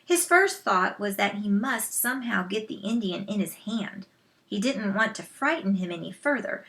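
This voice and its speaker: A woman reading a children's novel aloud, slow and measured, with soft asides to listeners. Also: mid-range voice, expressive, gravelly. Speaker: storyteller.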